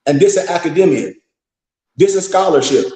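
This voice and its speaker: A man's voice: on the high side, lively intonation, brisk, dark tone, reverberant. A man hosting a live discussion, lecturing in a blunt, profane, scolding way. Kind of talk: impassioned lecture-style talk.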